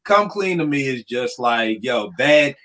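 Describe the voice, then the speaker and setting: A man hosting a casual talk about hip hop beats, a producer telling stories in lively slang. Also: medium pitch, measured pace. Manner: animated storytelling with slang. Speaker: podcast host. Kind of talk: casual chat.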